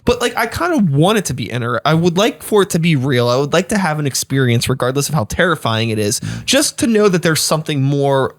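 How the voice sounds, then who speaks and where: A man's voice: fairly high pitch, sing-song, fairly quick, hardly any pauses. A man in casual podcast chat, thinking aloud in a rambling, reflective way. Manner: rambling, thoughtful musing. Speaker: podcast guest.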